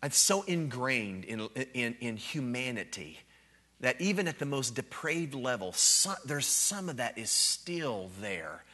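A man in his thirties preaching at a revival, telling a personal story with animated, emphatic delivery. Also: medium pitch, measured pace. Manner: animated storytelling, rising to loud emphatic peaks. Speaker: guest preacher. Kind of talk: revival sermon.

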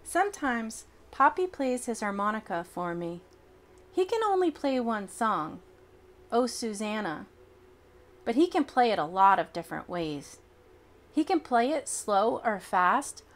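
A woman reading a children's picture book aloud in an expressive, childlike storytelling manner. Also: on the high side.

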